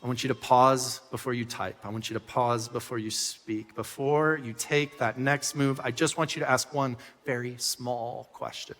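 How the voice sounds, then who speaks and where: A man preaching a sermon as pastor, telling stories with animated swings from loud bursts to soft asides. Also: mid-range voice, normal speed, hardly any pauses, in a large hall. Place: church hall.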